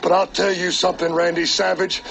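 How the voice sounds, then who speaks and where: A middle-aged man cutting a menacing wrestling promo, dropping to eerie whispers and then bursting into shouts. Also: high-pitched, level tone, a little fast, vocal fry, a crowd in the background.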